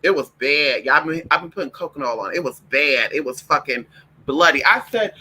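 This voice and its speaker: A man's voice: on the high side, lively intonation, a little fast, sharp tone, slightly rough, rough recording. A man talking straight to his viewers, telling stories in a sassy, profane way and calling them girl and y'all. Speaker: vlogger. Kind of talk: casual storytelling to viewers.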